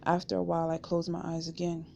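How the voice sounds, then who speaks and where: A woman reading a memoir aloud in first person, steady and unhurried, on a dull lo-fi home recording. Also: on the low side, vocal fry, a little hiss or hum. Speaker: audiobook reader.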